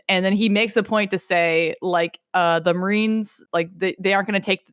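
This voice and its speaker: A young woman co-hosting a podcast, recapping a story in an animated, rambling casual chat. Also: mid-range voice, normal speed, hardly any pauses, clean tone, dry recording, studio quality. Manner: animated, rambling, lots of fillers. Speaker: podcast co-host.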